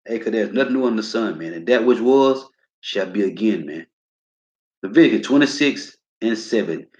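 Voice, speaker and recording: A man leads a scripture study like a sermon, drawing out each verse with slow emphasis before slipping back into loose, casual asides. His voice sits at a middle pitch. The recording is roomy and slightly muffled. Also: lively intonation, a little mellow. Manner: reads verses slowly and emphatically, tags lines with a casual filler. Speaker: scripture teacher. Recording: roomy, dull lo-fi sound.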